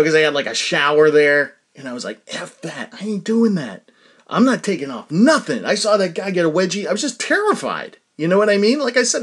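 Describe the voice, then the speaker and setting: Man, middle-aged, podcast host, rambling casual storytelling, self-deprecating, laughs a lot, slightly high voice. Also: husky.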